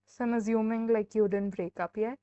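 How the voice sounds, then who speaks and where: A young woman gives a casual live-stream tarot reading, chatting in a relaxed way and filling her sentences with "like". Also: on the high side, a little fast, smooth, no echo. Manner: chatty, heavy use of "like" and fillers. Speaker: tarot reader. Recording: dull, dry sound.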